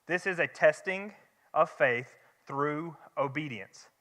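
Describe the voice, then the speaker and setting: A man's voice: a little high, slow pace, fairly bright tone. A young man teaching a church Bible study in a conversational way, with rhetorical questions and restarts. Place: church hall. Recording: long hall reverb.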